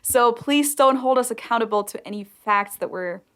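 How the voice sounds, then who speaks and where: A woman's voice: fairly high pitch, moderate pace. A young woman, a non-native speaker of English whose first language is German, co-hosting a podcast in a chatty way with many fillers. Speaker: podcast co-host. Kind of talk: casual chat.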